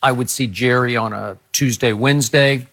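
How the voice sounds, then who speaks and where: A man in his sixties, co-hosting a sports debate show, telling anecdotes in a measured, explanatory way. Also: mid-range voice, fairly bright tone, slight background noise. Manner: measured, anecdotal, lots of murmured "mm" as he listens.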